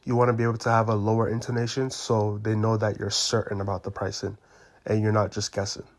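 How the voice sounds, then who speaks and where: A man explaining a door-to-door sales pitch step by step, in a coaching tone, marking each step with a quick "boom.". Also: flat delivery. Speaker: sales trainer. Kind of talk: instructional breakdown of a sales pitch.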